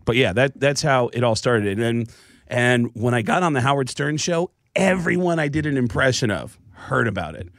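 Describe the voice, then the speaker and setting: An American man, a comedian guest, telling stories in a casual, animated way and jumping into voices. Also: mid-range voice, normal speed, vocal fry, no room sound, clean studio sound. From United States. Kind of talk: casual storytelling interview.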